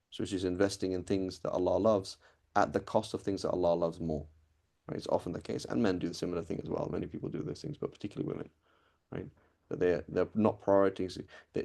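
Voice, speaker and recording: A man with a low, gravelly voice gives a relaxed classroom lecture on religious law. His tone is dark and mellow, and he keeps checking in with listeners as he explains. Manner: explains conversationally with frequent "right?" checks. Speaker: teacher of Islamic law.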